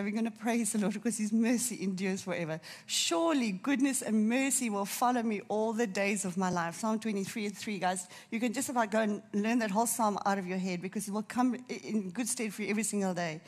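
A woman's voice: medium pitch, quick pace. A woman preacher with a runny nose, delivering a sermon and repeating key phrases for emphasis.

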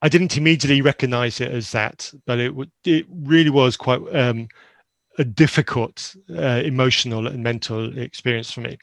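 A man around fifty, raised in Zambia, candidly and earnestly telling his own story of faith and doubt, often halting and restarting. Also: medium pitch, vocal fry, no echo. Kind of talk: reflective personal storytelling.

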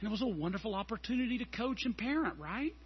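A middle-aged man preaching a sermon as a pastor, animated and telling stories. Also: high voice, fast, slightly rough, muffled recording. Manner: animated and storytelling, acting out scenes.

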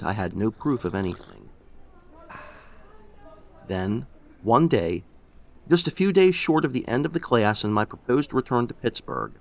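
Male audiobook narrator, low and gravelly, lively intonation, measured delivery. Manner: measured, expressive storytelling. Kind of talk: first-person story narration.

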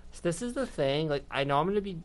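A woman's voice: low-pitched, lively intonation, fast. A young woman co-hosting a casual student radio show, rambling with lots of fillers and giggles. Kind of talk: casual scripted radio chat.

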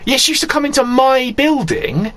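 A man chatting casually as a podcast co-host, animated and swearing, laughing often. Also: extremely high pitch, moderate pace.

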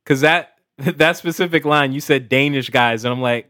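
A man's voice: mid-range voice, normal speed, bright, forceful tone, smooth, no echo, studio quality. A man co-hosting a casual movie discussion, laughing often and acting out characters' lines. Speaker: podcast co-host.

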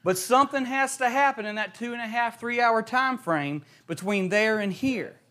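A young preacher with a high voice delivers a sermon. He reads scripture and prays in a hushed way, then tells stories with mounting emphasis. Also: normal speed. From West Virginia.

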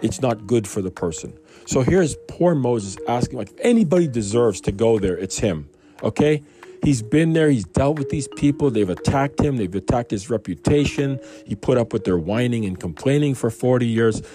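A man's voice: medium pitch, animated, normal speed, dark tone. A man giving a casual, rambling devotional talk on a Bible passage, speaking conversationally and asking many rhetorical questions. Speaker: Bible reading host.

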